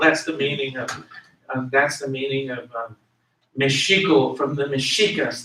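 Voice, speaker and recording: A man's voice: fairly high pitch, bright, forceful tone, slight background noise. A man giving a history lecture to a class, explaining terms patiently and repeating words and spellings for his listeners. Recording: echoey room, voice from a distance.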